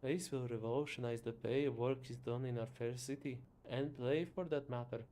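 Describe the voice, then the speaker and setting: A man's voice: mid-range voice, fairly even intonation, moderate pace, dark tone, a little hiss or hum, natural voice. A man voicing a pompous, greedy factory owner who looks down on his workers and speaks with haughty indignation.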